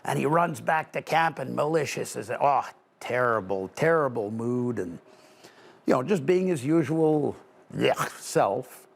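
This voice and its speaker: A man telling a folk tale to children in an animated, conversational way, with asides to his listeners. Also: mid-range voice, a little slow, vocal fry. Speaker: storyteller. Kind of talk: live oral storytelling for children.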